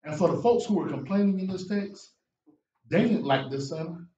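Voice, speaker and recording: A man preaching a sermon as a guest preacher, with lively delivery that rises to shouts and drops low for emphasis. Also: moderate pace, lo-fi sound. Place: church sanctuary. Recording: echoey church room from far off.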